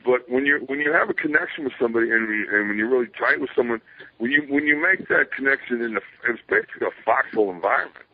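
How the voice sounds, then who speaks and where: A man's voice: medium pitch, fast talker, dry recording. A man telling rambling stories as an interview guest, swearing casually and acting out voices he quotes. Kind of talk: rambling storytelling. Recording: tinny phone line.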